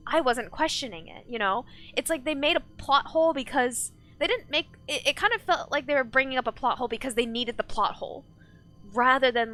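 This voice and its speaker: A woman streamer talks through her gameplay in a loose, rambling way, full of fillers and restarts. Her voice sits a little high and sounds bright and forceful. Soft music plays faintly underneath. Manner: rambling, many fillers and self-corrections. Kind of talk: casual live-stream chat while gaming.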